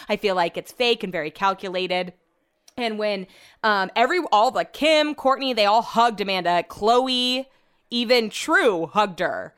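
A woman's voice: mid-range voice, fairly bright tone. A young woman hosting a casual chat, ranting and swearing freely. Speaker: podcast host.

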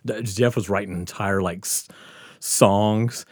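A man's voice: fairly low pitch, fairly even intonation, takes it slowly, no room sound, studio quality. A man casually telling a profane, laughing story from his school days on a podcast.

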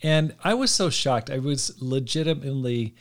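Middle-aged male podcast host, animated casual storyteller, mid-pitch. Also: normal speed. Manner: animated storyteller, acts out quotes with laughs.

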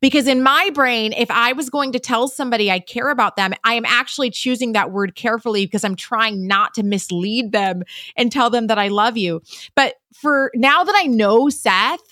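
A woman hosting a podcast, teaching in an earnest monologue full of rhetorical questions and emphatic pauses. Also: fairly high pitch, bright, forceful tone, no room sound, clean studio sound. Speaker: podcast host.

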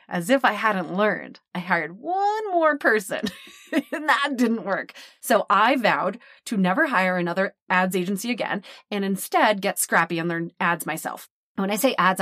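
A woman giving casual, candid business advice as an online course creator, telling stories in a chatty, animated way. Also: lowish voice, no room sound, studio quality. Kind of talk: casual talking-head advice.

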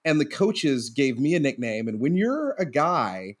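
A man's voice: medium pitch, sing-song, unhurried. A man in casual podcast chat, wry and self-deprecating. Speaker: podcast co-host.

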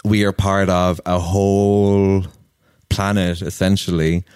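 Deep-voiced man from Ireland, reflective. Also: level tone, slow pace, darkish tone, clear, resonant tone, no echo, clean studio sound. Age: 30s. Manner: earnest, personal, anecdotal. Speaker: interview guest. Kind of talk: reflective storytelling in conversation.

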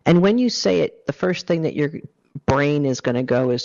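Gravelly man coaching the listener. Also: a little high, animated, a little fast, darkish tone. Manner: earnest, coaching, speaks directly to the listener. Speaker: self-help coach. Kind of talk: motivational talk with guided exercise. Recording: dull lo-fi recording.

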